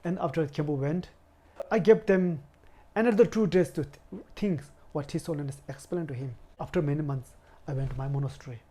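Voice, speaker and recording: A man in his forties from India, a Buddhist lama, telling his life story in a halting way, searching for words and often saying "you know". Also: fairly high pitch, dark tone. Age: 40s. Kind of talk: personal storytelling interview.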